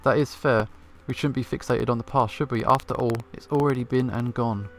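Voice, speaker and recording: A man voicing a smooth-talking male fox private investigator, reading his lines in a courteous, measured way. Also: medium pitch, steady tone, faint music behind, close to an everyday voice. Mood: calm.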